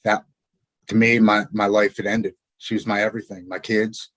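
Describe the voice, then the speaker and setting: A man, a podcast guest, telling his own story in an earnest, halting way, often repeating words as he goes. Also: lowish voice, little pitch movement, a bit bright, no echo, rough recording. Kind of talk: personal storytelling.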